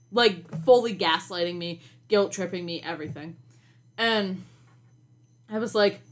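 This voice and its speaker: A young woman tells a college story on a podcast in a loose, casual way. She sounds exasperated and animated, and she swears and laughs as she goes. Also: medium pitch, normal speed. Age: young adult. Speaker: podcast co-host.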